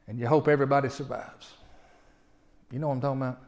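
A man in his forties preaching a sermon, moving from quiet personal storytelling to loud, impassioned exhortation. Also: mid-range voice, fairly even intonation, quick pace, long pauses. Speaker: pastor.

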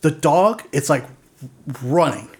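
A man's voice: fairly high pitch, very animated, slow, breathy edge. A man hosting a casual podcast, telling stories in a rambling way with lots of fillers and chuckles. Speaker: podcast host.

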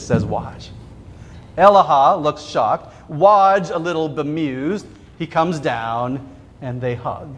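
A man preaching a sermon, retelling a story vividly with quoted voices and dramatic pauses. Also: mid-range voice. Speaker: pastor. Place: church sanctuary. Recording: long church reverb.

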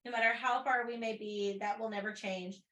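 A woman's voice: medium pitch, steady tone, moderate pace, bright, forceful tone, voice pushed down, natural voice. A woman reading as a tearful young queen. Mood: tender. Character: grieving young queen saying farewell. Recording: roomy echo.

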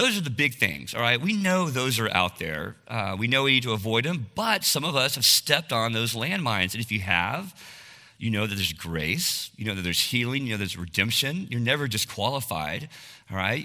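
A man's voice: medium pitch, sharp tone, long reverb tail. A man in his forties giving an earnest, confessional sermon-style talk, often checking in with his listeners. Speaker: speaker at a men's talk.

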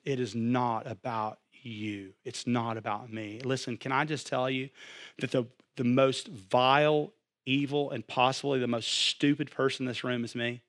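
A young adult man preaching a sermon, animated, swinging from loud to hushed. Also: medium pitch. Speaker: pastor.

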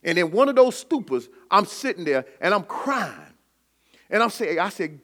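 A high, bright-toned man preaches a sermon. He is middle-aged and talks in a call-and-response style that climbs into shouting. His voice carries a forceful edge. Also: very animated, moderate pace. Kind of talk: sermon with personal testimony.

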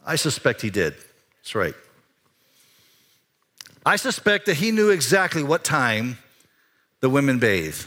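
A pastor preaching a sermon in a church, talking conversationally, climbing higher and louder for emphasis and dropping quiet for serious points. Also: male voice, sing-song, measured pace, pauses often. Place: church sanctuary.

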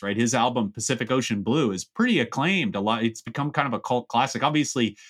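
With a mid-range, fairly bright voice, this podcast co-host from Southern California talks music casually. His speech rambles, packed with fillers and restarts.

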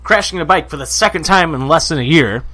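A man's voice: on the high side, fast. A man co-hosting a casual podcast, telling stories and acting out the quotes. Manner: animated storyteller, acts out quotes loudly. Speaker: podcast co-host. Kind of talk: casual chat.

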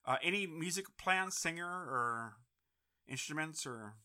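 A man's voice: on the high side, lively intonation, a little slow, bright, forceful tone. A man hosting a casual interview, talking in an enthusiastic, encouraging and rambling way. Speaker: host.

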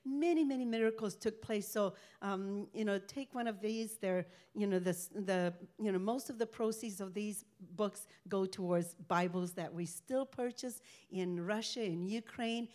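An older woman giving a rambling, halting personal faith testimony as a ministry speaker. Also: medium pitch, darkish tone.

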